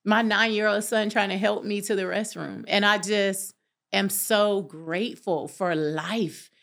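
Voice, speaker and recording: A woman's voice: mid-range voice, fairly even intonation, a little slow, vocal fry, a bit bright. A middle-aged woman from North Carolina, earnestly sharing a personal testimony as a podcast guest. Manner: earnest, emphatic, faith-driven storytelling. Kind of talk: candid testimony in conversation.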